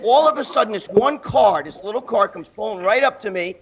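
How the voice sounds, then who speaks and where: A man telling stories on a talk show, profane and animated, acting out other people's lines. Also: sits high, fairly quick, muffled recording. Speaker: guest storyteller. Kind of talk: casual talk-show storytelling.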